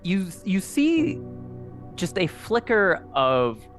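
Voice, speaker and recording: A man narrating a tabletop game as dungeon master, in a playful, animated way. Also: high-pitched, slow pace. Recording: music underneath.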